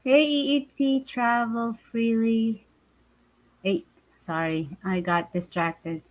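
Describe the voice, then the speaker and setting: Halting woman interviewer full of fillers. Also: a little high, steady tone, low-quality recording. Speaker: interviewer, show host. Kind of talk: casual interview.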